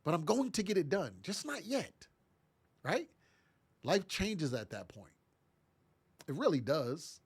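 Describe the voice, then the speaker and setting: A man's voice: fairly high pitch, very animated, takes it slowly, long pauses, slightly rough. A middle-aged man, congested from sinus trouble, giving a motivational talk as a parenting podcast host in a casual, emphatic, repetitive way. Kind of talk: motivational monologue.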